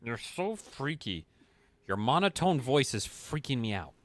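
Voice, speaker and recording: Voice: mid-range voice, very animated, a little slow. Jumpy, chatty gaming streamer. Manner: jumpy, talks back to the game; drops to a whisper in tense moments. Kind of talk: horror let's play commentary.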